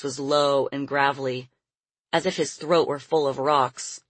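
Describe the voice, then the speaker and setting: A woman narrating a novel as an audiobook in a steady reading voice. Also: rumbling low, measured pace, breathy edge, no room sound. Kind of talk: scripted narration.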